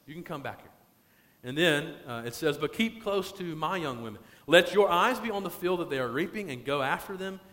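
A man preaching a sermon as pastor, stretching key phrases out slowly for emphasis. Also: a little high, expressive, fairly bright tone, long reverb tail.

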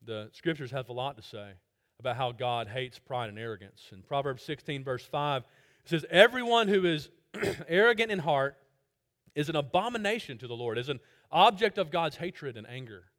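A man preaching an expository sermon, swinging between loud emphatic lines and quiet low asides. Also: expressive, moderate pace. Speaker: pastor.

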